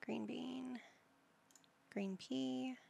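A woman's voice: sits high, steady tone, very slow, gravelly, warm tone, breathy edge. A woman hosting a gaming channel, chatting casually and musing to herself as she plays, sometimes dropping to a whisper. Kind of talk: casual gameplay commentary.

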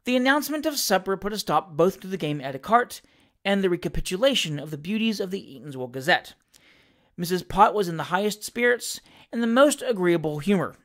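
Expressive narrator with a lively voice. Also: mid-range voice, fairly quick. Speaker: audiobook reader. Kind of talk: scripted reading of a classic novel.

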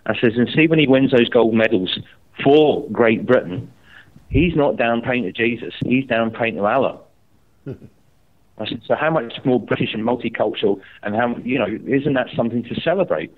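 A man from Scotland, angrily telling a story and swearing heavily while he chats. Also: medium pitch. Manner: angry, swearing, animated storytelling. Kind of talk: heated casual chat. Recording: tinny phone line.

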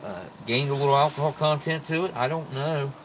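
A man's voice: fairly high pitch, a little fast, noisy background. A man vlogging casually at a table at home, a bit tipsy from beer, rambling and thinking aloud as he unpacks food. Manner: rambling, relaxed, thinking aloud with many fillers. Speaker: MRE review vlogger. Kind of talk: casual solo chat to camera while unpacking food.

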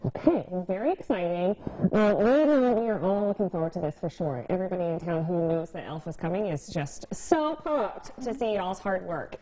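A woman's voice: fairly low pitch, expressive, dark tone, rough recording. A woman hosting a local TV interview, bubbly and playful. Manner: bubbly, playful, quick to laugh. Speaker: TV show host. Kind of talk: lively morning TV interview.

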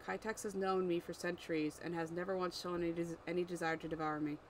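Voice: mid-range voice, little pitch movement, fast talker, a little hiss or hum, lightly acted, low-quality recording. A reader voicing a proud, ancient, eyeless female demon servant with horns, scornful and easily wounded, in an amateur story read-aloud. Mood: haughty.

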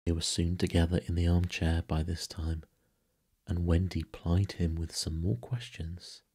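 A man narrating a bedtime sleep story in a soft, hushed way, sometimes whispered. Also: sits low, flat delivery, a little slow, breathy edge.

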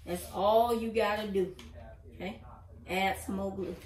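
A woman's voice: medium pitch, steady tone, measured pace, darkish tone. Older woman, crafts teacher, repetitive and encouraging, heard in a roomy space from a distance. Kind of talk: casual tutorial. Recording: roomy sound from a distant mic.

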